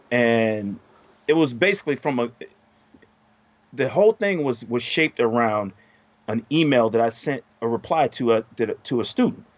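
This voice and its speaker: A middle-aged man telling a story in casual podcast chat, profane and animated, his voice jumping up when he gets heated. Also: lowish voice, no echo, lo-fi sound. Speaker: podcast co-host.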